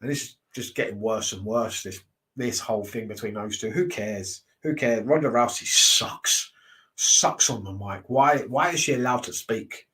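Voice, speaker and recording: A man's voice: on the low side, moderate pace, pushed and bright. A man, casually reacting to wrestling shows, blunt and ranting, swearing freely.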